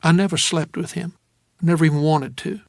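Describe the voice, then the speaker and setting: A man voicing an anxious, tender young woman in a soft, quiet, intimate way, for an audiobook. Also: on the high side, steady tone, a little fast, gravelly, no room sound, clean studio sound. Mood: teasing.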